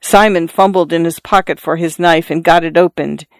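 A narrator reading a literary story aloud as an audiobook, in a measured, even storytelling manner. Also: mid-range voice, no echo.

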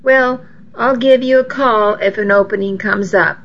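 A woman's voice: medium pitch, measured pace, fairly bright tone, muffled recording. A woman reading as a condescending male employer. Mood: dismissive. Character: dismissive adult male shop employer.

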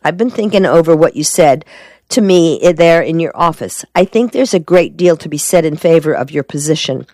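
A woman reading a shrewd male defense lawyer from a storybook, calm and measured, who deflects every question with dry composure. His voice sits a touch above her own low tone and sounds close and dry. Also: dry recording. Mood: cool. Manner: cool, measured and evasive.

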